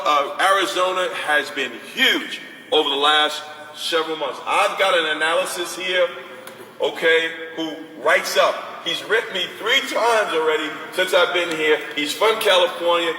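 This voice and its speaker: Animated man talking in an echoey hall. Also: fairly high pitch, normal speed. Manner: animated and conversational, acts out parents and coaches. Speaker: basketball recruiting advisor speaking to parents. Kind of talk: informal talk to an audience with questions. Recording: echoey hall from far off, faint noise.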